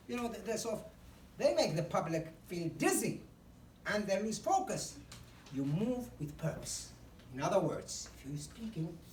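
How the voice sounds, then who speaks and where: A woman's voice: medium pitch, a little mellow, a little hiss or hum. A woman giving a speech on public speaking, listing numbered tips and acting out short examples. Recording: echoey hall from far off, faint ambience.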